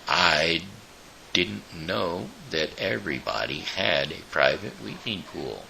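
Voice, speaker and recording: A polite, quick-witted boy explorer from a storybook, apologetic and eager to bargain, as a man reads him out. The voice rises and falls a lot but stays low and gravelly underneath, with a bright edge. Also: lively intonation, a little hiss or hum, exaggerated voice, rough recording. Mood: pleading. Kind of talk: storybook read-aloud.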